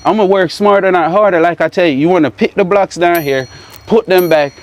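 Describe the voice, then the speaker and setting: American-accented man, street slang, persuasive, slightly raised pitch. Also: fairly quick. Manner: calls everyone "bro", persuasive. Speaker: comedy sketch actor. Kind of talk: comedy sketch banter.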